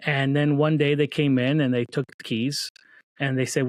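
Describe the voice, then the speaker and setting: A man tells his own story as an interview guest, earnest and faith-filled, often restarting his sentences. His voice sits at an ordinary pitch and is recorded close, with a dry sound. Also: steady tone, moderate pace, dry recording. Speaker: guest, children's book author. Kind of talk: casual interview talk.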